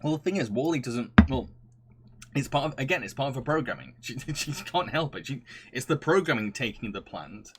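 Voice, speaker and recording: A man's voice: medium pitch, lively intonation, fairly quick, slight background noise. A man streaming live, chatting casually and reading viewer comments, often laughing and gushing with frequent restarts.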